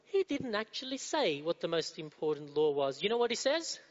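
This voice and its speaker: Speaking briskly in a sing-song way, a preacher whose voice sits high for a man throws rhetorical questions at his congregation and repeats his points for emphasis. The sermon sounds dull and muffled, a long hall reverb trailing after his words.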